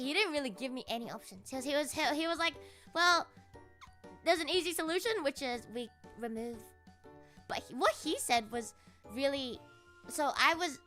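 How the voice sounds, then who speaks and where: A young-sounding woman streamer with a high, sharp voice, rambling through a story with lots of swearing. She talks casually and animatedly to her chat. Soft music plays underneath.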